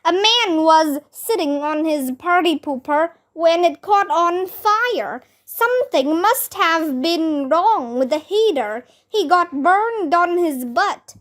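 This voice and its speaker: A woman voicing a frantic male school principal who shouts alarming news in a storybook reading. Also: very high-pitched, lively intonation, takes it slowly, hardly any pauses, pitched above the performer's own voice, exaggerated voice. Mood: alarmed.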